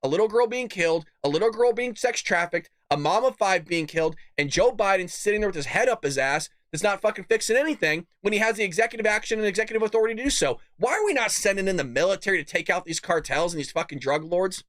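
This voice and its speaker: Furious male podcast host, profane political rant, high-pitched and close, dry sound. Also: lively intonation, fast, few pauses, fairly bright tone, dry recording. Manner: angry, profane ranting; mocking put-on voices for quoted opponents.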